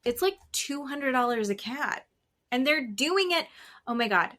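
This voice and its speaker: A woman co-hosting a podcast, chatting casually and telling a rambling story full of quick asides. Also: sits high, expressive, pushed and bright. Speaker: podcast co-host.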